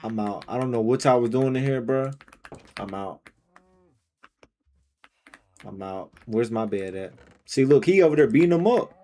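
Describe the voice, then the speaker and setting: A man live-streaming a game, reacting out loud in casual, slangy commentary and talking to himself and his viewers. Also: medium pitch, moderate pace, long pauses. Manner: excitable, slangy, talks to himself and chat.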